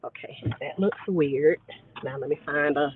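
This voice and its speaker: A woman's voice: deep voice, a little slow, slight background noise. A woman hosting a casual live stream from inside a car, playfully greeting her viewers by name through a headset. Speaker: homestead channel host. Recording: tinny phone-like audio.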